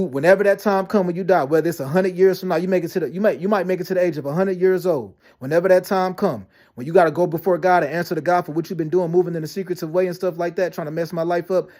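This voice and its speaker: A man ranting to camera about being lied about, talking fast with heavy slang, profanity and many restarts. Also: fairly high pitch, a little mellow. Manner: fast, repetitive storytelling with frequent restarts and "you know what I'm saying". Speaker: vlogger. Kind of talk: rambling personal rant to camera.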